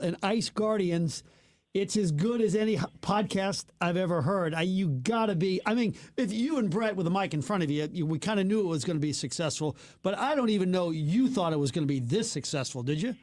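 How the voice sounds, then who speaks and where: A man's voice: sits high, expressive, a little fast, darkish tone. A man hosting a radio talk show, asking his guest upbeat questions. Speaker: radio host.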